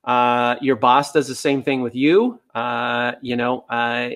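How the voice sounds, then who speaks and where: A man, a dog trainer, answering viewer questions in a relaxed, chatty live-stream style with many fillers. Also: medium pitch, slow.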